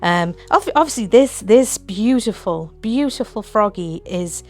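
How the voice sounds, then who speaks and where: A woman's voice: medium pitch, expressive, measured pace, hardly any pauses, soft background music. Bubbly, gushing woman. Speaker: resin craft vlogger. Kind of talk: casual craft tutorial chat.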